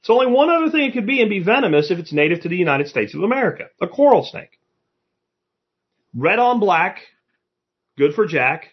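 A man's voice: high voice, very animated, fairly quick, long pauses, slightly rough, lo-fi sound. A man hosting a live-stream show, talking bluntly and with profanity as he rants and answers chat comments. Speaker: podcast host.

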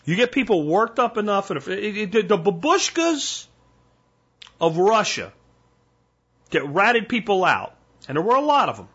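An older man hosting a solo podcast, talking bluntly and emphatically in warning tones, with a husky voice. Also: high voice, fairly bright tone, lo-fi sound. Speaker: podcast host.

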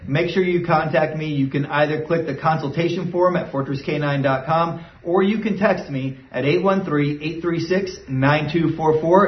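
Man, dog trainer, casual step-by-step lesson, slightly high voice, echoey room, dull distant mic. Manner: casual, explains step by step, often adds "right?". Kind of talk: instructional talk.

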